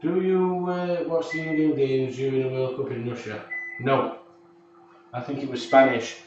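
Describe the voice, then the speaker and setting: A man hosts a live cooking stream, rambling and joking with viewers and often repeating himself, in a mid-range voice with fairly even intonation at normal speed. The audio is dull, recorded in an echoey room with his voice far from the mic and faint noise.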